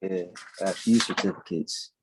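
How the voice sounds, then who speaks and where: A young man, a former student on a casual video call, talks in a relaxed, halting way with lots of "yeah" and "so". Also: sits low, noisy background. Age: young adult.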